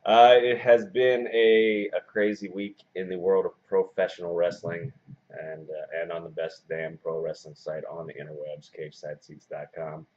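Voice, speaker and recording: A man in his forties hosting a casual wrestling video blog, talking in a self-described monotone and rambling with many fillers and restarts. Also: a bass voice, normal speed. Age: 40s. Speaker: wrestling blogger and video host. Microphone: camera mic. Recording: dull lo-fi camera audio.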